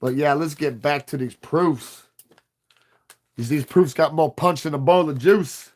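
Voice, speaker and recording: A man's voice: on the high side, unhurried, a little mellow. Profane, playful man in his thirties. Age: 30s. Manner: profane, rambling, playful banter with chat. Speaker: livestream host. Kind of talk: casual livestream chat.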